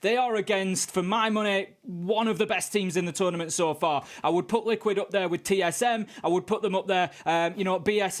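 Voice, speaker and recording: A young man analysing an esports match in a chatty way, using lots of fillers. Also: high-pitched. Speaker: esports caster.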